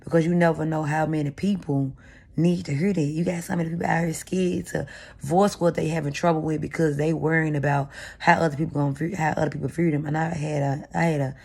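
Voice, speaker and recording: A woman's voice: low voice, steady tone, quick pace, creaky, a little mellow, slightly rough. A woman vlogger talking candidly to camera, rambling and confessional as she vents. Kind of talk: venting to camera. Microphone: camera mic.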